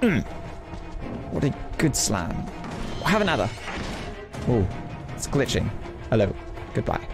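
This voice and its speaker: A man narrates his horror game run at an unhurried pace, cracking jokes and talking to the characters. He yelps when startled and keeps up a playful running commentary. Clear game music plays behind him. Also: mid-range voice, big pitch swings. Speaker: let's play gamer.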